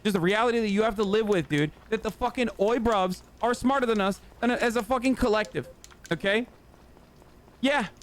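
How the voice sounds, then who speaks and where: Sarcasm and heavy profanity fill this American man's ranting commentary as he hosts a gaming livestream. He talks fairly quickly in a high voice, over a little hiss or hum.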